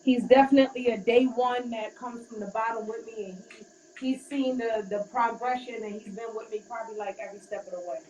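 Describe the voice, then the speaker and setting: A woman's voice: a little high, brisk. Rambling woman rapper on a distant call. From Queens, New York. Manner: relaxed, rambling, many fillers. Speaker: rapper guest. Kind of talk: casual interview chat. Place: hotel room while getting ready. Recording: roomy, distant, faint background noise.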